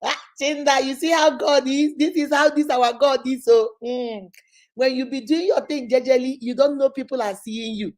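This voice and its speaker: A woman's voice: on the high side, darkish tone. A middle-aged woman with a Nigerian accent hosts a live stream, greeting viewers by name in an exuberant, preachy way.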